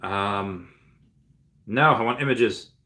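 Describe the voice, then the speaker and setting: Slow and lowish, his voice sounds pushed and bright as he streams and chats casually. He reads out viewer messages and replies with rambling answers packed with fillers and restarts.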